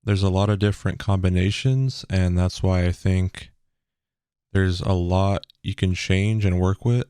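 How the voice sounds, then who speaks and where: Deep, flat-voiced young man explaining settings. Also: measured pace, clear, resonant tone, dry recording, studio quality. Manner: relaxed, loose, with frequent ums. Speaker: streamer giving a tutorial. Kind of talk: casual tutorial explanation. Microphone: bass-heavy broadcast dynamic microphone.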